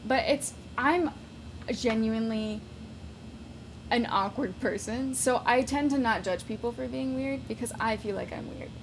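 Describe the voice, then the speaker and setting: Soft-spoken giggly woman musician, noisy room. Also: fairly high pitch, measured pace. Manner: soft, thoughtful, giggly, many fillers. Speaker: musician guest. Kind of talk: casual late-night interview. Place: home. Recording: noisy home recording.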